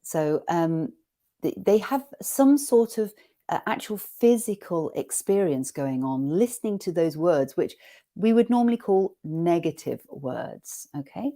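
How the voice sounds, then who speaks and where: A woman with a low, mellow voice runs an online teacher-training session. She talks in a gentle, inviting way as she guides listeners through a calm exercise. Her voice comes through a computer mic on a video call. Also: a little slow. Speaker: teacher trainer leading a webinar.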